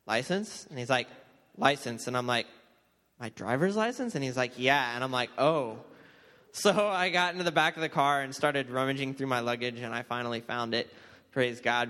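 A young man casually telling a mission trip story in a church hall, acting out the dialogue as he goes. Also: mid-range voice. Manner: animated storytelling, acts out quoted dialogue. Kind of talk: casual testimony talk. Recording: reverberant hall.

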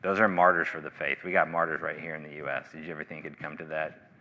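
A low-voiced male pastor delivering a sermon with a very bright, forceful edge to his tone. He presses hard on key phrases, then sinks into hushed, low stretches. The sound carries a long reverb from the hall around him. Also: flat delivery, fast talker, muffled recording. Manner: earnest, rising to emphatic bursts then dropping low.

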